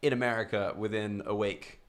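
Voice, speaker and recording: A man's voice: on the low side, steady tone, brisk. Blunt Australian man hosting a podcast. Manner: blunt and sweary, laid-back. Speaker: podcast host. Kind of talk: casual podcast chat.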